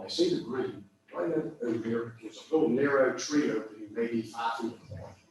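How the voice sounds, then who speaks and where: A man's voice: mid-range voice, slight background noise. Older man telling stories in an echoey hall. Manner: folksy storyteller, chuckles through his own jokes. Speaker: guest speaker. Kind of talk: anecdotal club speech. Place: large clubhouse meeting room. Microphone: distant from the microphone. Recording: echoey room, far from mic.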